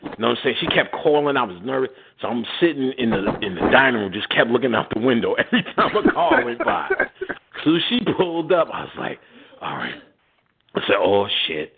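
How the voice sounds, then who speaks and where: A man's voice: medium pitch, fast. A man hosting a radio show, telling a laughing, slangy story in casual chat and acting out the voices in it. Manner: animated, laughing, slangy, acts out quotes. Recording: tinny phone-like line with clear noise.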